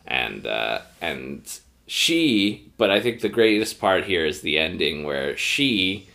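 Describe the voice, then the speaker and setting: Male co-host, deep and bright, loose conversational recap style. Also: big pitch swings, takes it slowly, gravelly. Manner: rambling, recaps plot with many fillers. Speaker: podcast co-host. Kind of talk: casual episode review.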